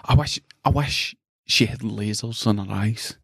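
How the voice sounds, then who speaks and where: A man's voice: fairly low pitch, measured pace, gravelly, a bit bright, husky, dry recording, clean studio sound. A man with a Scottish accent co-hosting a podcast, ranting and swearing as he tells a story in casual chat. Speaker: podcast co-host.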